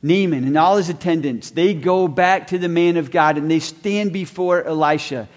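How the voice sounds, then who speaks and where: A man's voice: fairly high pitch, normal speed, in a large hall. A man preaching a sermon, retelling a story in a conversational way and briefly acting out the characters. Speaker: pastor.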